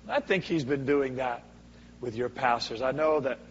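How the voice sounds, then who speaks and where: A man preaching a sermon as a guest speaker, swinging from booming to hushed for dramatic effect. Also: normal speed, a little hiss or hum. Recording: echoey hall, dull lo-fi sound.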